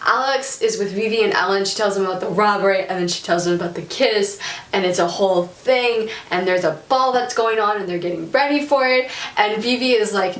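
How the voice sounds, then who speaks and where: A woman co-hosting a casual book podcast, recapping a plot with lively swearing and quick character voices. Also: medium pitch, roomy sound, distant mic. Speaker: podcast co-host.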